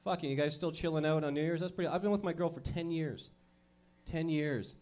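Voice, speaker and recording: A man's voice: a little high, a little fast, darkish tone. A man in his thirties doing profane stand-up comedy, working the crowd and laughing at his own jokes.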